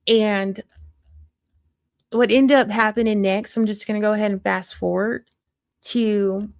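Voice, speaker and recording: A woman's voice: mid-range voice, steady tone, unhurried, no echo, natural voice. A woman playing a crass small-town mother of three in a put-on Southern country accent, telling a blunt, gossipy story in a live-streamed character monologue.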